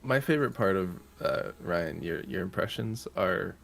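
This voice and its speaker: Gravelly, teasing male co-host. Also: low voice, lively intonation, moderate pace. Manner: teasing, playful. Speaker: morning show co-host. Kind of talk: casual chat.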